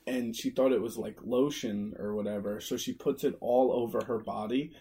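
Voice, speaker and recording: A man's voice: mid-range voice, fairly even intonation, moderate pace, warm tone, breathy edge. A young man co-hosting a podcast, telling a story casually, laughing and swearing as he goes. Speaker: podcast co-host.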